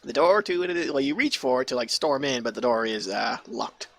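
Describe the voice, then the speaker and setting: A man's voice: mid-range voice, animated, normal speed, gravelly, fairly bright tone, no room sound. A man narrating as game master over voice chat, in a loose, chatty way with many fillers. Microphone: online voice chat mic.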